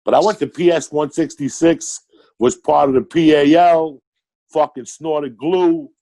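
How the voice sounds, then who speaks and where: An older man with a thick New York accent, telling stories in an excitable rush full of swearing. His voice sits a little high and has a gravelly, fried edge. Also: unhurried. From Cuba, raised in New York City. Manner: profane, excitable storytelling. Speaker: guest comedian. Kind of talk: casual podcast chat.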